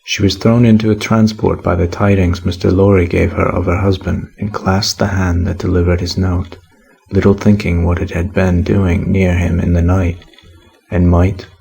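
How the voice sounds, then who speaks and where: A man narrating a classic novel as an audiobook in a measured, even reading. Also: low-pitched, vocal fry, low-quality recording.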